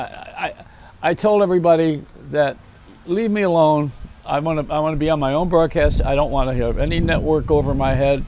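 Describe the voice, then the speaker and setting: A man's voice: on the high side, gravelly, a little mellow, slight background noise. An older man hosting a rambling, self-mocking comedy monologue, chuckling at his own jokes. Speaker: host.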